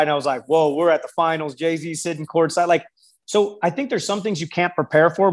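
A man who works as a basketball skills coach, telling stories in an interview and acting out the people he quotes. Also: fairly high pitch. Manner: storytelling, quotes people in lively voices. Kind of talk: interview conversation.

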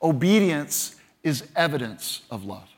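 A man with a high voice preaches from the pulpit. His delivery is animated, and he acts out the voices he quotes. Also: a little slow. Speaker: pastor. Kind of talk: sermon.

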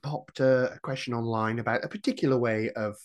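A man talking as a podcast guest in casual chat, animated, often restarting his sentences. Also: mid-range voice, a little fast. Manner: animated, restarts a lot, acts out quoted voices.

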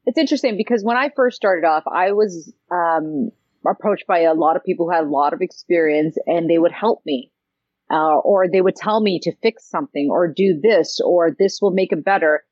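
A woman answering interview questions, telling stories in an animated way and acting out the voices she quotes. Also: on the low side, moderate pace, no echo, highs cut off. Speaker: TV host and interviewee.

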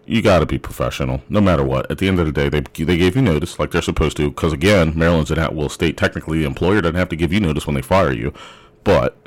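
A man's voice: a bass voice, dry recording. A young adult man casually recounting a work story, rambling with frequent restarts.

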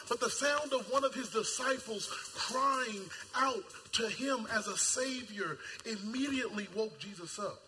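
Male preacher, high and sharp-toned, animated and colloquial, sermon in a reverberant hall. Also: normal speed, few pauses, slight background noise. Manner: animated, acts out voices, shouts at peaks; casual colloquial speech. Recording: long hall reverb, faint ambience.

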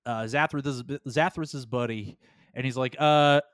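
A man's voice: medium pitch, expressive, a bit bright, no echo, studio quality. A man hosting a podcast, casually recapping an episode in a rambling way with lots of fillers. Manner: rambling, many fillers, slips into quick character voices. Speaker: podcast host.

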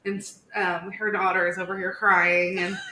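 A woman in her thirties, co-hosting a podcast in casual chat, telling stories in a chatty, animated way with many "like"s. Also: medium pitch, normal speed. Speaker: podcast co-host. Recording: echoey room with faint background hiss.

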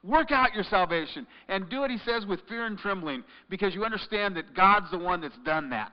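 A man preaching in a church, his voice sitting high for a man. His delivery swings from loud, insistent urging to hushed, searching questions. The sound is muffled and trails off in the long reverb of a big hall. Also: lively intonation, fairly quick, hardly any pauses. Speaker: pastor. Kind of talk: sermon.

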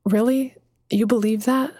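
A woman's voice: fairly high pitch, fairly even intonation, measured pace, mellow, dry recording, studio quality. A woman voicing an earnest, anxious man in recovery who sounds hesitant and pleading, in an audiobook. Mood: hopeful.

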